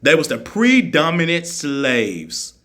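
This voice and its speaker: Forceful, argumentative man. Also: a little high, wildly swooping pitch, slow. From United States. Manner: argumentative, mocking, repeats his points for emphasis. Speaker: vlogger answering critics. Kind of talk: heated monologue rant.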